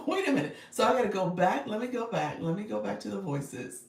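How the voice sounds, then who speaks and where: A woman's voice: fairly low pitch, expressive, unhurried, gravelly, darkish tone, roomy sound, distant mic. A woman coaching viewers on a casual livestream. She is chatty, laughs often and speaks straight to her audience.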